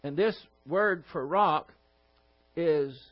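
A man leading a Bible study, retelling scripture with animated drama and frequent asides. His voice sits fairly high for a man. The recording has a dull, lo-fi sound. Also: slow. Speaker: Bible teacher.

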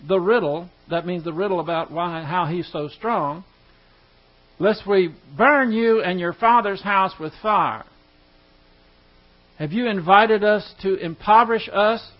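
Male preacher, high voice, folksy joking Bible teaching; muffled lo-fi recording with hum. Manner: chatty, joking asides, reads scripture aloud. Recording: dull lo-fi recording with mains hum.

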